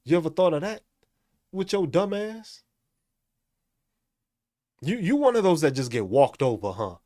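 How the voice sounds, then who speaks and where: A man rants angrily into the mic, swearing constantly and mocking the people he talks about. His voice sits a little high and swings widely up and down. The sound is dry and close, with no room echo. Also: sing-song, a little slow, dark tone. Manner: angry, profane, mocking. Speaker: host. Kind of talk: profane ranting commentary.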